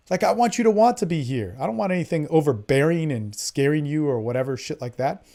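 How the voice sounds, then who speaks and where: A man coaching other men in a casual unscripted monologue, blunt and profane, swinging from loud emphasis to low, intimate tones. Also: lively intonation, fast talker, vocal fry, few pauses. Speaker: men's dating coach.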